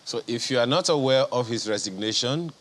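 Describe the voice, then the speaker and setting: A man anchoring a TV news interview, asking deliberate, pointed questions and stressing key words. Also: medium pitch, a bit bright. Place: TV studio.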